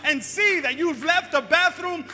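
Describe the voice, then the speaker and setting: Preacher putting on fed-up wife nagging about chores, high bright voice, echoey hall, faint music. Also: male voice, measured pace, a little hiss or hum, exaggerated voice. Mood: exasperated. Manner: scolding, insistent. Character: exasperated wife scolding husband over chores.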